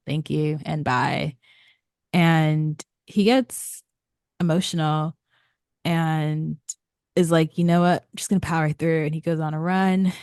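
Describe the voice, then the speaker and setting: A woman co-hosting a podcast, recapping a romance novel in relaxed casual chat with dry asides. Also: deep voice, gravelly, no room sound. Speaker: podcast co-host.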